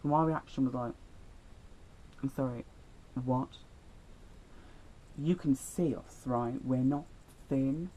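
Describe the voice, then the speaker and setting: A man's voice: medium pitch, a little slow, few pauses, mellow, a little hiss or hum, rough recording. Teen boy vlogger, rambling and self-deprecating, telling school stories. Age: teens. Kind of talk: storytime vlog.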